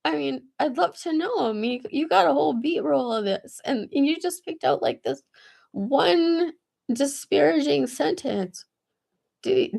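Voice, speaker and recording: A woman's voice: sits high, vocal fry, darkish tone. A woman telling a long personal story in a loose, rambling way, often laughing, restarting and filling with "like". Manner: laughs often, trails off and restarts, says "like" a lot. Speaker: vlogger.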